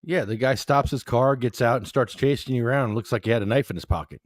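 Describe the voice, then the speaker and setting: A man's voice: mid-range voice, fast. A man hosting a casual podcast over a call, laid-back and slangy. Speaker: podcast host. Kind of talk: casual chat.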